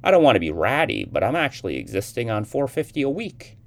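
Storybook reading: man voicing a tall, blunt fifteen-year-old girl, flat and annoyed, lively pitch. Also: fast talker, vocal fry. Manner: raised pitch for the girl's lines.

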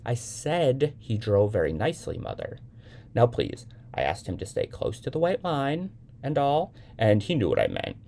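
A man voicing a cool, unbothered young woman on the phone, calm and faintly weary. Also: medium pitch, normal speed, creaky, a little hiss or hum, pitched above the performer's own voice.

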